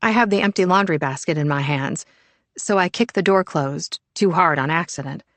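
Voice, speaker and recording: Woman reading an audiobook, lowish voice, calm and steady, super dry close mic. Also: no echo. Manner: measured, even storytelling. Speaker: audiobook narrator. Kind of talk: first-person audiobook narration.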